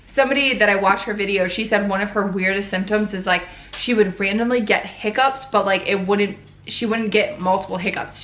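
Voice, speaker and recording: Young woman, casual diary vlogger, chatty and worn out, middling pitch, roomy echo. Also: a bit bright. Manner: chatty, heavy use of "like", tired.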